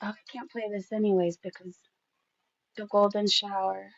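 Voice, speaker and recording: A woman's voice: medium pitch, level tone, moderate pace, creaky, no echo, highs cut off. A woman hosting a gossip channel, reading out screenshots in casual, sarcastic commentary that swears freely and keeps getting distracted.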